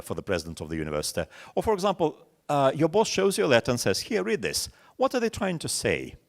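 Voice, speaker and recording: A man in his forties with a Russian accent gives a webinar lecture to fellow teachers. His voice sits low, but his pitch swings widely as he tells stories and piles up examples. The delivery is animated and conversational. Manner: storytelling with many examples, animated quoting. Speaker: teacher trainer.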